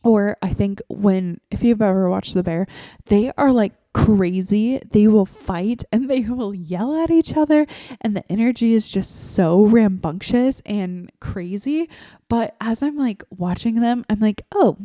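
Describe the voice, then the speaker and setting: A chatty woman hosting a solo podcast, her voice mellow and relaxed as she rambles from one thought to the next, full of "like" fillers. The sound is close and dry, spoken straight into a home microphone from her favorite chair. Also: medium pitch, measured pace, no room sound. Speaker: podcast host. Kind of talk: casual solo podcast chat.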